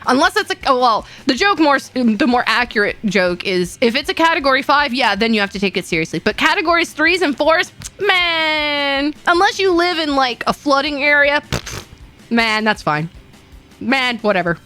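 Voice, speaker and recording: A woman's voice: high voice, moderate pace, faint music behind. A young woman from Florida with a Southern accent, chatting casually with her stream chat, laughing often and telling stories with a lot of life. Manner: bubbly, laughs often, animated storytelling.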